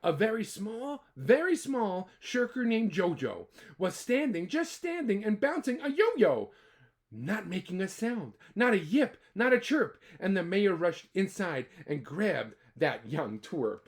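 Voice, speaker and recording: A man reading a picture book aloud to children, animated and chatty between pages. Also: sits high, a little slow. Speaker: storyteller.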